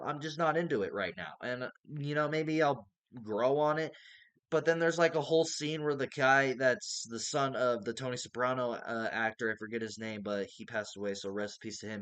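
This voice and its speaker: A man's voice: mid-range voice, fairly bright tone, clear, resonant tone. A man casually reviewing a TV show, rambling and hedging, with casual swearing.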